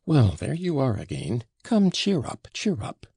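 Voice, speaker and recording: A man's voice: medium pitch, very animated, a little slow, gravelly, warm tone, slightly rough, dry recording, clean studio sound, pitched above the performer's own voice, heavily acted. A man voicing an impatient, teasing young woman who scolds and insists. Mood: insistent. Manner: reproachful and insistent.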